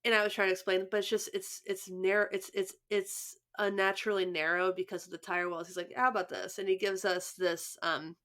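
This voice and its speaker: A woman's voice: medium pitch, level tone, fairly quick, few pauses, fairly bright tone. A young woman co-hosting a podcast, chatting casually, laughing often and restarting her sentences. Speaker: podcast co-host. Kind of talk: casual chat.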